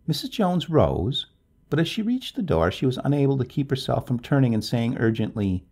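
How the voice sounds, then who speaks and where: A man narrating a short story in a measured, expressive storybook reading. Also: medium pitch, creaky, slightly rough. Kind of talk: scripted narration.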